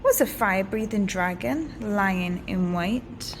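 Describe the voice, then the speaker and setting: A woman teacher reading a picture book aloud to children in a clear, expressive way. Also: medium pitch, a little hiss or hum. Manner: expressive and animated, slow and clear. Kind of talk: storybook read-aloud for children.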